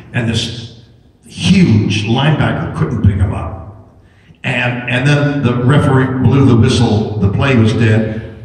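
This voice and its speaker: Older man telling tales in a big hall. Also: mid-range voice. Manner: animated, repetitive restarts, jokey. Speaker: convention panel guest. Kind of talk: anecdotal storytelling to an audience. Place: large convention hall. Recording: echoey hall recorded from far back.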